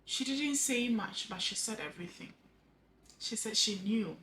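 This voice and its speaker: A grieving widow talking earnestly to camera in a personal vlog, halting and repeating words, her voice dropping soft at the ends of phrases. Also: fairly high pitch, animated, slight background noise, rough recording. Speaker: vlogger sharing a personal story. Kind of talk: heartfelt personal vlog monologue.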